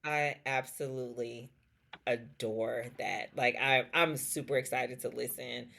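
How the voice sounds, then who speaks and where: A woman's voice: very deep voice, steady tone, a little slow, creaky, a bit bright. A woman hosting a podcast, gushing with emotion and close to tears as she thanks her guest. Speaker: podcast host. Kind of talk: heartfelt interview wrap-up.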